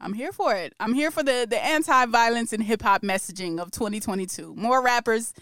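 A woman's voice: fairly high pitch, brisk, fairly bright tone, no echo, clean studio sound. A woman co-hosting a podcast, chatting casually and laughing often, playful and opinionated. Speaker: podcast co-host. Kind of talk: casual chat.

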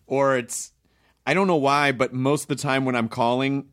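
A man's voice: mid-range voice, moderate pace. A man hosting a casual podcast chat, riffing in comic rants with some swearing. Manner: animated, swearing, ranting comic riffs. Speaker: podcast host.

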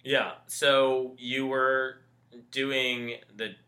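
A man hosting a podcast, chatting casually with a guest and dropping quick remarks. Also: mid-range voice, level tone, bright, forceful tone. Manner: affable listener, quick backchannel remarks. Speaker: podcast host. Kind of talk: casual interview chat.

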